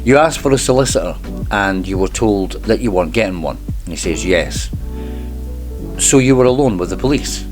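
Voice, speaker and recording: A man hosting a channel, reading a court transcript aloud at a measured pace and breaking in with dry, wry asides. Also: on the low side, lively intonation, faint music behind.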